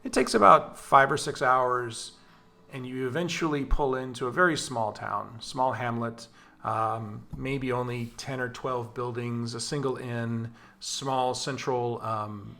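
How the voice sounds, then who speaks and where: A man as game master, narrating a tabletop game in a descriptive, unhurried storytelling way. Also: mid-range voice, steady tone, creaky, bright, forceful tone.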